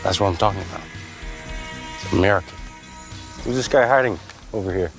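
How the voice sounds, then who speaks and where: A menacing armed soldier. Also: male voice, sits low, a little fast, music in the background. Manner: cold, threatening, mocking questions.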